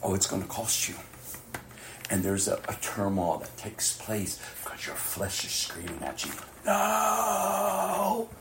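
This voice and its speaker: A male pastor preaching a sermon with passion, laughing often and swinging between shouts and hushed whispers. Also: low voice, normal speed, background noise.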